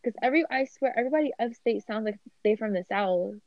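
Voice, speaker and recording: A young woman rattles along in quick, slangy chat. Her voice comes through a dull, lo-fi recording that is dry, with no room around it. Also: a little high, animated, no room sound. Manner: fast-talking, slangy. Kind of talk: casual chat.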